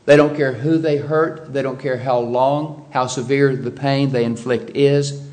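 A man's voice: mid-range voice, fairly even intonation, unhurried, darkish tone. A man preaching a sermon, reading scripture aloud and asking rhetorical questions.

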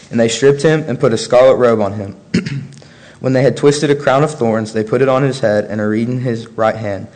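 A man preaching a sermon, reading scripture aloud in a measured, earnest way between his own remarks. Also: mid-range voice, a little mellow.

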